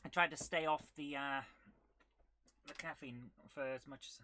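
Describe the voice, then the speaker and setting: Bright-voiced woman streaming games. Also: low-pitched, moderate pace. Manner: chatty, reads viewer comments aloud, bursts of excitement while playing. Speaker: retro gaming streamer host. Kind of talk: casual live-stream chat while gaming.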